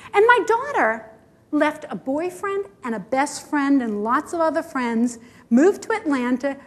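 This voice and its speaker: A middle-aged woman giving a conference presentation as a health speaker, telling stories with animated, self-mocking humor. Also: extremely high pitch. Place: conference hall.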